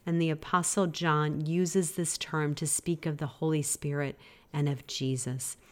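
Low-voiced woman giving a devotional talk. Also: level tone, a little slow. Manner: earnest, gently exhorting. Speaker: podcast host. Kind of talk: devotional podcast teaching.

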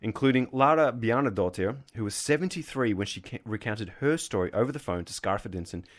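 Lower-voiced man reading folklore aloud. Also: a little fast. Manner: reads the story in an even tone, breaks off to joke. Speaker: podcast host. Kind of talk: comedic folklore storytelling.

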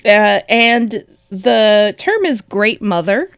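A woman co-hosts a podcast in casual chat, laughing often and swearing with sarcasm. Her medium-pitched voice is clear, resonant and fairly bright, with lively intonation and a slow pace. The recording is dry and studio quality.

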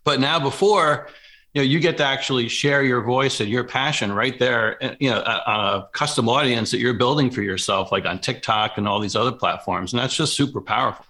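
A man co-hosting a casual political chat, talking in a steady, agreeable, explanatory way. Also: mid-range voice, brisk.

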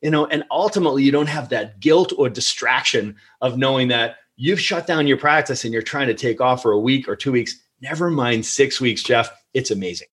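Male podcast host, mid-pitched, chatty and enthusiastic, laughs easily. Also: a little fast, hardly any pauses, a bit bright. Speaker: podcast host and practice coach. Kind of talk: casual interview chat.

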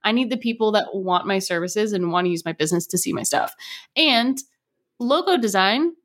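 A young woman hosting a casual conversation about marketing. She tells stories in a lively way and acts out the voices of people she quotes. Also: medium pitch, moderate pace. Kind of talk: casual chat.

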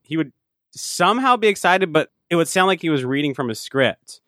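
A man's voice: a little high, animated, a little fast, sharp tone, no echo, clean studio sound. A man co-hosting a casual sports podcast, talking bluntly, swearing now and then and laughing often. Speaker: podcast co-host.

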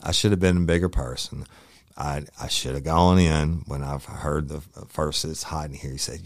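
A man's voice: rumbling low, steady tone, a little slow, no echo, studio quality. A middle-aged man from Louisiana, a former detective hosting a podcast and telling a profane, laughing story. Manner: profane, laughing storyteller who acts out quotes. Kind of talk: casual storytelling.

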